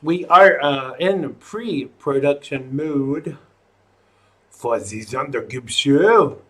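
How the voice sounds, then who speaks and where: A man's voice: mid-range voice, takes it slowly, a bit bright, breathy edge. A man hosting a live online talk show, rambling and joking with viewers between chatty asides. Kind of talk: casual livestream chat.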